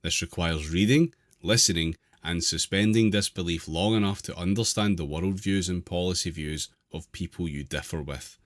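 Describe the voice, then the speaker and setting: A man co-hosting a podcast, reading an article aloud in a dry, deadpan way between casual asides. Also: low voice, normal speed, few pauses, no echo.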